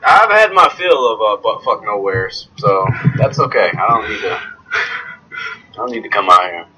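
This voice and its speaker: A man's voice: lowish voice, animated, a little slow, noisy background. A man co-hosting a podcast in casual chat, brash and profane, laughing often. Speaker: podcast co-host.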